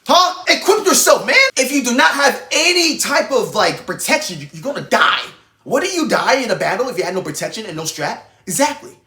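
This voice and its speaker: A man delivers a heated, informal sermon, blunt and profane. His pitch swings widely as he presses each point, and the voice rings in a roomy, echoing space. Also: big pitch swings, brisk, bright, forceful tone. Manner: intense, blunt, swears freely. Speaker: online Christian preacher. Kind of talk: fiery informal sermon to camera.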